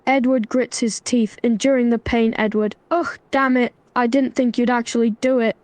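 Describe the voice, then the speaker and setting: A text-to-speech woman's voice, narrating a melodramatic role-play story and speaking its lines in an even, scripted way. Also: fairly high pitch, moderate pace, dry recording. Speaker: AI chatbot narrator.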